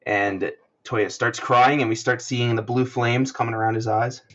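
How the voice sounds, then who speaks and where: A man co-hosting a podcast, casually recapping a manga chapter with lots of fillers and quick jumps into animated voices for the characters. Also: medium pitch, dull audio. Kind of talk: casual chat, reading panels aloud.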